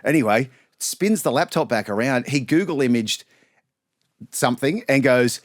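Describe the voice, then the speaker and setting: A man in his thirties with an Australian accent, a sports broadcaster telling animated anecdotes as a podcast guest, laughing and acting out quotes. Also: mid-range voice, normal speed, no echo, studio quality. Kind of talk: casual storytelling chat.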